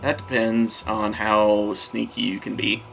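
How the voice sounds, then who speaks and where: Casting: low, gravelly man, casual and joking at a game table, music behind. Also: level tone, a little slow, fairly bright tone, rough recording. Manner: hesitant, joking, trails off. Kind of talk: casual tabletop role-play.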